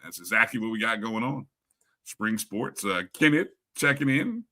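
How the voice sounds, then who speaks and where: A man on the low side of the pitch range speaks at a normal speed with an animated delivery. Co-hosting a casual live sports talk stream, he gives cheerful, chatty shout-outs to viewers in the chat, naming them one after another.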